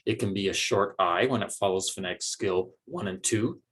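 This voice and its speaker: Man with a lowish voice teaching phonics. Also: moderate pace, breathy edge. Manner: patient, explains step by step with fillers. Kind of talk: recorded video lesson.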